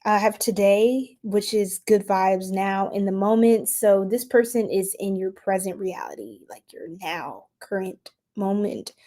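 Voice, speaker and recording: A young adult woman giving a casual tarot reading, chatty, laughing often and dropping into soft whispers. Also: medium pitch, a little slow, hardly any pauses. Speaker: tarot reader.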